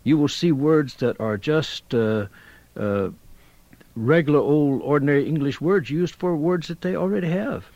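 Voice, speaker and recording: A man's voice: fairly high pitch, moderate pace, darkish tone, no echo, lo-fi sound. Older man from tennessee, anecdote-telling guest, dry close sound. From Tennessee, USA. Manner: chatty, telling anecdotes, chuckling. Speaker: linguistics professor guest. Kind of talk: conversational talk.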